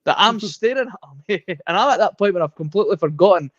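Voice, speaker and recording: A man's voice: high-pitched, expressive, fast talker, no echo. Teasing man on a dull dry mic. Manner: teasing, laughs mid-sentence. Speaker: podcast host. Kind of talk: casual podcast chat.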